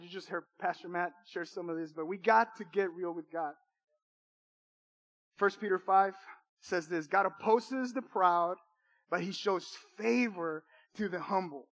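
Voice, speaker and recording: A man's voice: high voice, fairly bright tone. A man preaching a sermon, telling a personal testimony in an emphatic, repetitive way with emotional swings.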